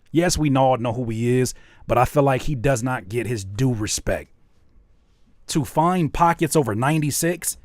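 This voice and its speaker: A young man, a rapper and producer, chatting loosely in slang while making a beat, playful and quick to laugh. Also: mid-range voice, a little mellow, no room sound, studio quality. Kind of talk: casual chat while making a beat live.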